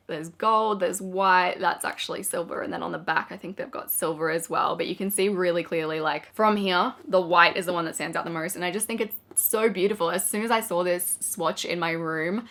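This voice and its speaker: A young woman in her twenties rambles happily to her viewers in a casual vlog. Her voice is bright and forward, set slightly low, and she keeps tumbling from one thought to the next with plenty of "like"s. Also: normal speed, few pauses. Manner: excited, chatty, rambling with many "like"s. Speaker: vlogger. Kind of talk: casual talk to camera.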